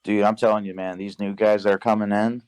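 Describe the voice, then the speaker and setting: Low-voiced young man swearing through a story. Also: fast talker, smooth. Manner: profane, animated retelling with quoted dialogue. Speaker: podcast guest. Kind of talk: casual storytelling.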